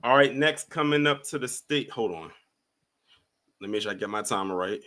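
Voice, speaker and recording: A man hosting a casual live call-in stream, talking with a bright, forceful tone. He is laid-back and repeats himself as he brings callers up one at a time. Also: medium pitch, lively intonation, fairly quick. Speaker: livestream host.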